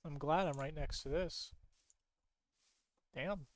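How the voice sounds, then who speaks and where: A man giving casual, rambling gameplay commentary late at night, sleepy and yawning, who repeats himself and gets excited easily. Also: on the high side, takes it slowly, no room sound. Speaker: streamer.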